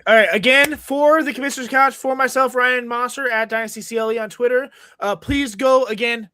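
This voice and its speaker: A sleep-deprived man in his thirties hosting a podcast, talking in an earnest, grateful way with plenty of fillers. His voice sits high and bright. It is recorded dry, with no room sound. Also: fairly even intonation, fairly quick, clear, resonant tone, no echo. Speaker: podcast host. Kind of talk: casual podcast chat.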